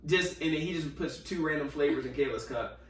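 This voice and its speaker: This podcast host, a man whose voice sits on the high side, speaks briskly while telling a lively story, performing quotes and filling gaps with plenty of fillers. He was recorded from a distance, leaving a roomy, somewhat off-mic sound.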